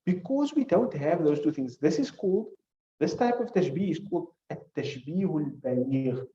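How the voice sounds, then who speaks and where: Guy teaching a class, kinda higher voice, walks thru examples n quizzes the room, roomy echo. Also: animated, normal speed, mellow, distant mic, dull audio. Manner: explains with examples, asks students rhetorical questions. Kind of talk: classroom lecture.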